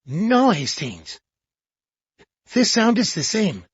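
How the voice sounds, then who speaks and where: An audiobook reader voicing a fussy, excitable older male Belgian detective who talks slowly and emphatically with pointed questions. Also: medium pitch, husky, no echo, pitched above the performer's own voice, heavily acted. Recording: dull lo-fi audiobook.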